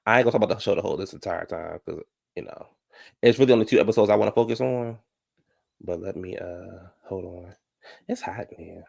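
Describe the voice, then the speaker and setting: A man giving a sassy, animated casual review of a reality show, talking straight to his viewers. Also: deep voice, fast, vocal fry.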